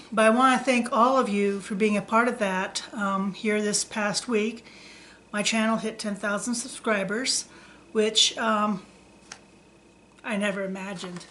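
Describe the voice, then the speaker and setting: A woman's voice: mid-range voice, fairly even intonation, measured pace, fairly bright tone, slight background noise. A woman who hosts a cooking channel, thanking her viewers and then reading a Christmas story aloud.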